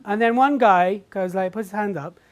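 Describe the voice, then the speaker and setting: A woman giving an animated stage talk to a live audience. She tells stories, acts out people's reactions and keeps asking the audience questions. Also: mid-range voice, moderate pace. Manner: animated storytelling, acting out reactions. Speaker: public speaker.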